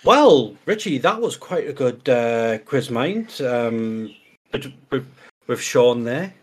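A man's voice: medium pitch, very animated, slow pace, over loud music. A man co-hosting a comic podcast, talking in a casual, hesitant, jokey way. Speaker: podcast co-host.

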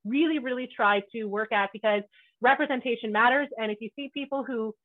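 A woman with a Scottish accent hosting a casual interview, loud and brash, laughing and swearing freely. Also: fairly high pitch, fairly quick. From Scotland. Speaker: podcast host. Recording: tinny phone-like line.

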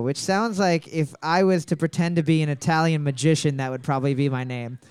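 High-voiced joking quiz host, dry sound. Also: male voice, steady tone, fairly quick, few pauses, a little mellow, clean tone, dry recording. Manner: joking, swears freely, repeats each question. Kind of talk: casual comedic banter.

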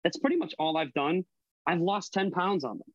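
A man's voice: high-pitched, moderate pace, no echo, dull audio. A man guesting on a casual podcast, talking about his online videos with fillers and swearing. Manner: chatty, profane, hesitant fillers. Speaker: guest, online cooking creator.

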